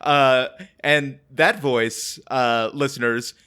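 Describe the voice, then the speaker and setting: A man's voice: mid-range voice, fairly even intonation, slow, sharp tone, clean tone. A man hosting a comedy podcast in casual chat, laughing often and joking at his own expense. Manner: laughs often, self-deprecating. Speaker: podcast host.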